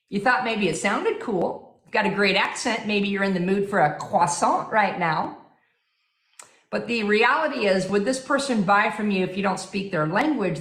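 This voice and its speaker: A woman with a fairly high voice runs a motivational sales seminar, driving her points home with rhetorical questions. Her delivery is energetic and persuasive. The sound rings with a noticeable echo. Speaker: sales trainer.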